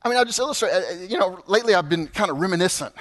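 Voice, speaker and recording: A man in his fifties, a pastor preaching a sermon, animated and building to emphatic peaks. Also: high-pitched, quick pace. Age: 50s. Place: church sanctuary.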